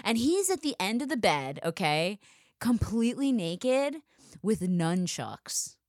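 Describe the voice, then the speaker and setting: A young woman hosting a casual chat, her pitch swinging widely as she tells a story. She swears freely and jumps into exaggerated voices for everyone in it. The sound is dry and close. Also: slow pace, no echo. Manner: animated, profane storytelling with exaggerated quoted voices. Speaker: podcast host.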